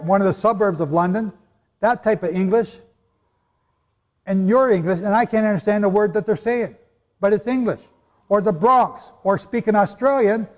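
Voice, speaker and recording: His voice is high with a darkish tone as he teaches the Bible to a live audience in a hall. The sermon-style lecture is emphatic, full of rhetorical questions and joking asides, and the recording carries a long reverb.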